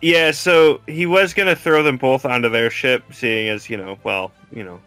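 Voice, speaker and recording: A man playing a tabletop game, easygoing and quick to laugh. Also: medium pitch, a bit bright, clean tone, faint music behind. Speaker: player. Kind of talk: casual tabletop game play.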